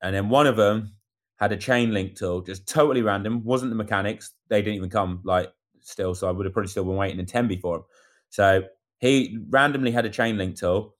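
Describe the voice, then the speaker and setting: An amateur cyclist recounts a race in casual conversation, speaking quickly in a fairly low voice. He's an animated storyteller, acting out what others said to keep the telling lively.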